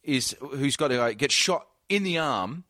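A man's voice: medium pitch, measured pace, no room sound, clean studio sound. A man co-hosting a casual movie chat, recapping his favourite scenes and laughing as he tells them. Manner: laughs while telling, expressive recaps. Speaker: podcast co-host.

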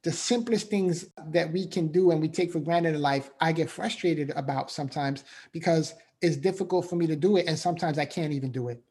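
Man with a slightly higher voice, earnest, emotional faith-based motivational speaker. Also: brisk, hardly any pauses, dark tone. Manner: earnest, repetitive, emphatic, frequent "right?".

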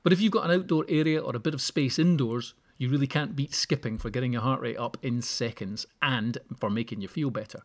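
A man's voice: mid-range voice, fairly quick, hardly any pauses. A man hosting a solo podcast, giving practical tips with wry, joking asides. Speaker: podcast host. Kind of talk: solo podcast advice talk.

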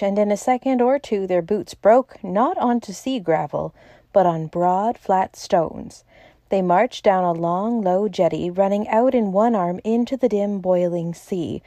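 A woman reads a classic novel aloud in a measured, even way. Her voice is mellow and warm, with a dry, close sound and no room echo. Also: mid-range voice. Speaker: audiobook narrator. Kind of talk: scripted narration.

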